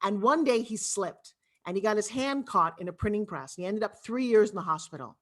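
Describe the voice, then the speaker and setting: A woman from Long Island with a New York accent, telling her life story as an expressive, talkative guest on a video call interview. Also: medium pitch, brisk. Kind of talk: animated storytelling.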